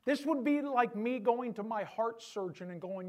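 A man preaching a sermon as pastor, in an animated, conversational way. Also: extremely high pitch, moderate pace, few pauses.

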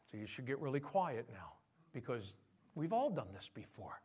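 A man preaching a sermon as pastor, in an animated, conversational way. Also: medium pitch, moderate pace, slightly rough.

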